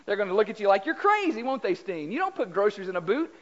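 Speaking fast in an extremely high, slightly mellow voice with big pitch swings, a Southern US pastor gives a folksy, conversational sermon in church. He chats, quizzes his congregation, and repeats words, on a slightly dull lo-fi recording.

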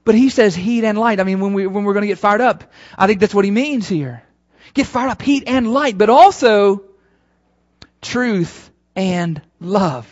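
A man pastor preaching a sermon at a church service. He is emphatic and swings between fervent peaks and low, earnest passages, often checking in with the congregation. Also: animated, unhurried. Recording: slightly dull lo-fi sermon recording.

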